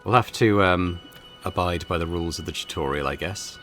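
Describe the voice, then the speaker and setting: A man casually commentating a video game, relaxed and self-deprecating. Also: low voice, fairly quick, faint music behind. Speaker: gaming channel host. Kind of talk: casual let's-play commentary.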